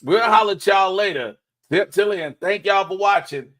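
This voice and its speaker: A man hosting a casual livestream talk show, an animated storyteller who acts out quoted dialogue. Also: high voice, moderate pace. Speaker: host.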